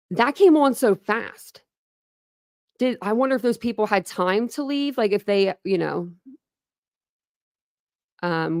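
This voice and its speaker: A woman's voice: mid-range voice, darkish tone, no room sound, studio quality. A woman hosting a true crime channel, chatting casually with viewers on a livestream, rambling with lots of "like" and answering comments as she goes. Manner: rambling, heavy use of "like".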